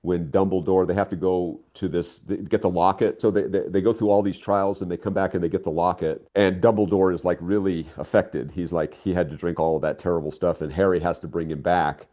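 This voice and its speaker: An older man, a writer being interviewed, talking casually and telling stories with lots of excitement. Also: sits low, brisk, few pauses. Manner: animated storyteller, voice leaps up when excited.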